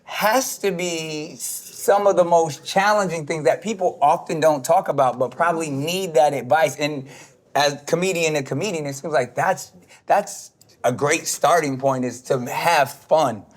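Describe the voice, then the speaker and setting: A man hosting a late-night talk show, speaking with upbeat enthusiasm and encouragement. His voice is somewhat high for a man, and his thoughts tumble out in loose, rambling phrases. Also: unhurried. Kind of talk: casual talk show chat.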